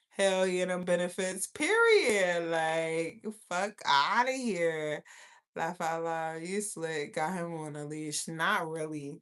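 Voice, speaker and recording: A woman in her thirties telling a profane, animated storytime rant as a vlogger. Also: on the low side, slow pace. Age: 30s.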